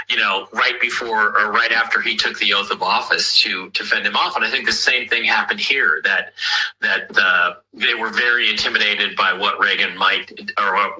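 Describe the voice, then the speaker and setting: A lower-voiced American man talks in a loose, rambling way, often restarting his sentences. His voice is very bright and forceful, and the audio sounds like radio. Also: low-quality recording. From United States. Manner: chatty, rambling, with many restarts. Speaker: guest on a live chat. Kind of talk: casual chat.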